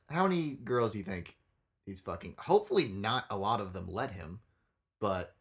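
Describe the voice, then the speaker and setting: A young man co-hosting a casual podcast, telling a story bluntly with lots of swearing. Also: low-pitched. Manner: profane, blunt, animated storytelling. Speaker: podcast co-host.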